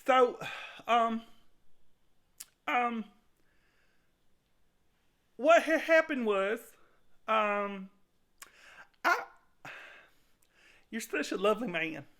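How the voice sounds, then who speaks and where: A man's voice: very high voice, a bit bright, heavily acted. A man playing a nervous, rambling servant who tells his tale in a comic skit.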